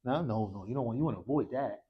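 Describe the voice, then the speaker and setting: A man's voice: mid-range voice, fast talker, slightly rough, lo-fi sound. A man teaching an Arabic class in a mosque classroom, leading call-and-response drills and quizzing students with casual, encouraging prompts.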